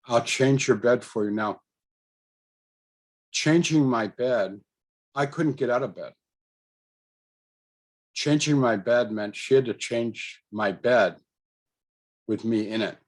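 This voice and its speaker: A man's voice: mid-range voice, takes it slowly, long pauses. A man casually telling a personal story, rambling with fillers, restarts and chuckles. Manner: chuckles between thoughts. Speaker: storyteller recounting a personal experience.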